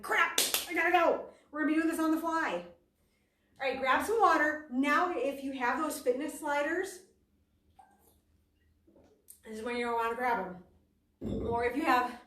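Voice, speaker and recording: A woman's voice: high-pitched, fairly bright tone. A woman fitness instructor leading a workout class, chatty and self-deprecating, talking while she exercises and at times out of breath. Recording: echoey room, voice from a distance.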